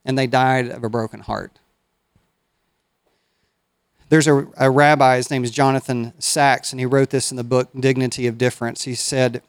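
A man's voice: medium pitch, flat delivery, fairly quick, clean tone, no echo, studio quality. A man preaching a sermon, breaking into folksy asides. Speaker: pastor.

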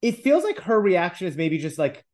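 A podcast co-host with a high-sitting, darkish voice and big pitch swings speaks at a moderate pace. In a casual, comedic book discussion, he makes wry remarks and reads passages aloud.

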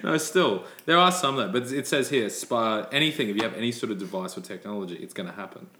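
A man's voice: lowish voice, animated, quick pace, sharp tone, echoey room, a little hiss or hum. A man co-hosting a casual podcast chat, swearing a lot and laughing often. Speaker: podcast co-host.

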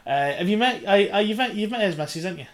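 A man's voice: high voice, lively intonation, fast talker, crowd noise. A young man in his twenties hosting a casual podcast with a friend, chatty, swearing and laughing often. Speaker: podcast host. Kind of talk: casual chat between friends.

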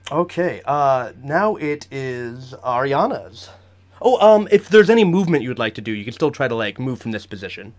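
A man's voice: medium pitch, very animated, normal speed. A man narrating as game master of a tabletop game, chatty and laughing often.

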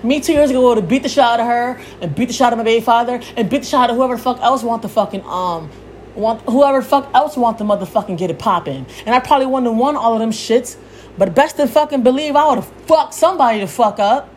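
Heated high-pitched young woman ranting. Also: fast talker, a little hiss or hum. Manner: heated, cursing freely, yelling at times. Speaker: podcast host. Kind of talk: profane rant.

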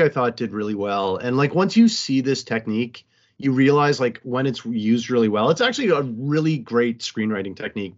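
Man, podcast co-host, chatty movie recapper, a little muffled. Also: medium pitch. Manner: animated, joking, recaps the plot. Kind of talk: casual movie review chat.

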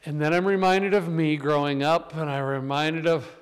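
A man preaching a sermon in an animated storytelling way, acting out voices in his stories, with a reverberant church hall around him. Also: a little high, moderate pace, clear, resonant tone.

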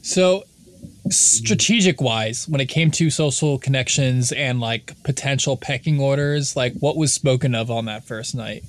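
A man hosts the interview and asks questions in a measured, probing way. His pitch sits in the middle range.

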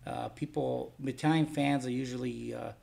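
A man's voice: medium pitch, fairly even intonation, moderate pace, creaky, darkish tone, a little hiss or hum. A man being interviewed about running his DVD label, talking bluntly and rambling, swearing freely. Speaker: guest, DVD label owner. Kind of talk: casual interview chat.

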